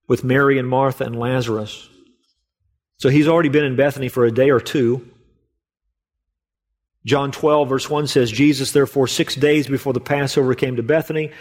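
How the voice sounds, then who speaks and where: Man preaching a steady, unhurried sermon. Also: medium pitch. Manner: steady teaching tone, reads scripture aloud; unhurried, stresses words by repeating them. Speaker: pastor. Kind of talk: expository sermon.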